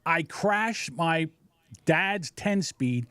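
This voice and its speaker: Older male storyteller, lively delivery, slightly higher voice, dry close-mic sound. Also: drawn-out words, clear, resonant tone, dry recording. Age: 60s. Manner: animated storyteller acting out quoted voices. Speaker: podcast host. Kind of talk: casual storytelling chat.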